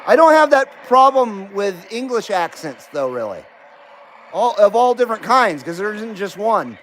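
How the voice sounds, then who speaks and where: A middle-aged man with a notably high speaking voice hosts a live CB radio stream from his home station. He keeps the chat casual, bantering and joking with whoever comes through. A faint hiss sits under his voice. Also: sing-song, normal speed, a bit bright.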